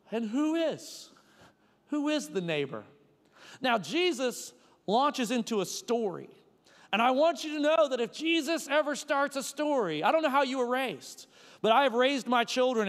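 A man's voice: extremely high pitch, fairly bright tone, big-room sound. A man preaching a casual, conversational sermon, full of personal stories and "like" fillers. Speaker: pastor.

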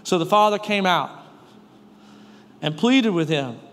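A man with a very high speaking voice preaches a sermon, firing questions at the congregation and repeating his key lines. His words carry a long reverb from a large hall. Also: expressive, a little slow, fairly bright tone. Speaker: pastor.

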